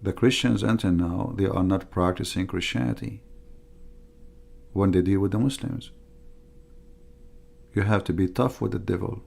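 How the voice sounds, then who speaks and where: A man's voice: sits low, normal speed, gravelly, long pauses, darkish tone. A middle-aged man giving an emphatic, repetitive livestream monologue as a religious debater, in non-native grammar.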